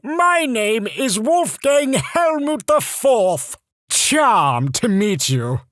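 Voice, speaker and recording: A man putting on an exaggerated British accent to play a pompous, stiffly formal posh man who draws out his words slowly. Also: extremely high pitch, very animated, fairly bright tone, dry recording, clean studio sound, pitched above the performer's own voice, exaggerated voice. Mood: mock-posh. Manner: slow, drawn-out, mock-grand delivery.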